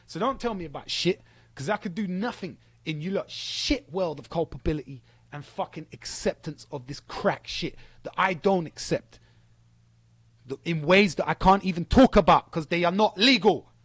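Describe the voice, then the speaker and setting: Man, fiery sarcastic callout rant, slightly high voice, dry close sound. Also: no echo. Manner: heated, profane, sarcastic, mocking. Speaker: streamer calling out a rival.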